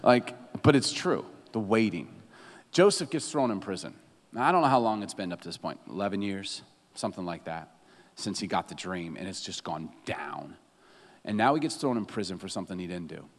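Lively, joking male pastor in reverb. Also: low voice, brisk. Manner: animated and humorous, laughs often. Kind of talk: sermon.

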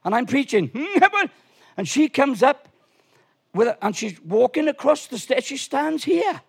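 A man preaching a lively sermon in a church, animated and swinging from quiet asides to shouts. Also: very high-pitched, unhurried, creaky, breathy edge. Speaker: pastor.

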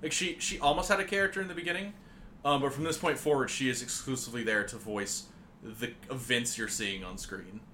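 A man with a bright, forward voice co-hosts a casual game podcast. He speaks in a dry, measured way over a faint hiss in the background. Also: medium pitch. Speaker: podcast co-host. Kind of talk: casual game critique chat.

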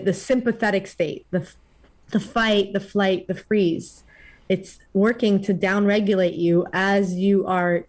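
A woman who is a podcast guest, explaining calmly and in a measured way how the body responds to stress. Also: mid-range voice. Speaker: podcast guest, trauma educator. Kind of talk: explanatory conversation.

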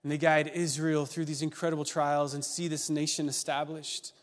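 A man with a fairly high voice preaches a sermon to his church. He tells stories in an animated way that keeps building with excitement, and his words ring out with a long reverb from the hall. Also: moderate pace. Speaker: pastor.

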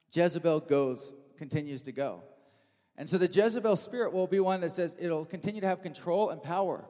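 A man's voice: high voice, a little mellow. A man preaching a sermon in a church hall, telling the story with animation and acting out the quotes.

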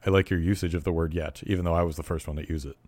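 A man co-hosting a casual podcast, trading deadpan jokes and quick one-line quips, often restarting his sentences. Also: low-pitched, dry recording. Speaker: podcast co-host. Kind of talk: casual chat.

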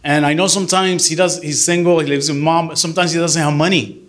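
A middle-aged man who is a deacon, giving an earnest, animated church talk to a group and mixing English with Spanish. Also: a little high, brisk.

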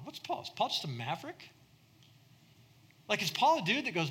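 Animated, bright-voiced male preacher. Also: a little high, a little slow, pauses often. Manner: animated, acts out quoted voices. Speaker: pastor. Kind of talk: sermon.

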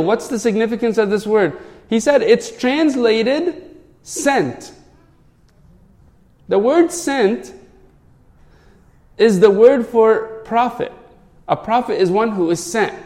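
A man's voice: high voice, darkish tone, big-room sound. A man, a priest, giving an earnest sermon full of rhetorical questions.

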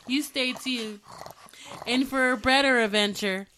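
A woman's voice: sits high, a little slow, bright, forceful tone, a little hiss or hum. A woman chatting in a bubbly, silly way, giggling and asking her dog playful questions. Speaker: pet owner vlogging. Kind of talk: casual chat.

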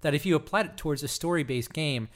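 A man's voice: a little high, fast talker. A man co-hosting a podcast in casual chat, thoughtful with playful jokes. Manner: thoughtful, joking, animated. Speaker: podcast co-host.

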